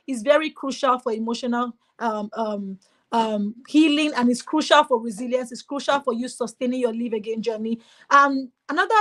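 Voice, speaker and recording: A woman speaks in a high voice. She gives an emphatic, exhorting motivational talk on a webinar and drives her points home by repeating them. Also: fairly bright tone.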